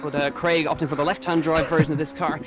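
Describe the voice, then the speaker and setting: A man's voice: a little high, level tone, fast talker, over loud music. A man giving fluent live play-by-play race commentary, with promotional asides.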